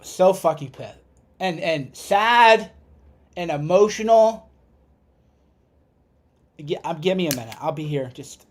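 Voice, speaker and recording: Angry, profane male commentator. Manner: profane and heated, swings between raised outbursts and low muttered asides. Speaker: political commentator. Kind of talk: angry livestream rant.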